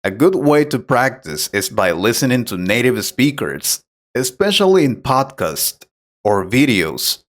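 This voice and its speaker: Acting as an English teacher in a scripted conversation lesson, a man patiently and clearly explains pronunciation tips. His medium-pitched voice is very animated, and he takes an unhurried pace.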